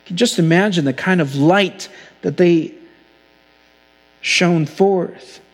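A man preaching a sermon as pastor, earnest and slowing down to stress key phrases. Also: high-pitched, big-room sound. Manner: earnest preaching, slows for emphasis.

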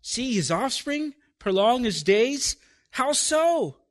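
A pastor preaching a sermon, putting emphatic rhetorical questions to his congregation and dropping to quiet, slow phrases before building again. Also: very high voice, big pitch swings.

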